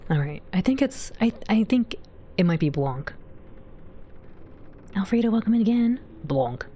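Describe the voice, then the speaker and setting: A woman's voice: medium pitch, big pitch swings, a little slow, warm tone. A woman livestreamer chatting casually with her viewers as she plays, giggling often and reading their messages aloud. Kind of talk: casual game commentary to chat.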